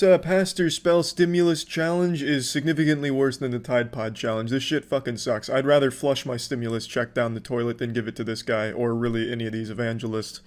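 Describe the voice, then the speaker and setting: A man's voice: medium pitch, quick pace. A man giving sarcastic video commentary, mock-sincere and swearing often.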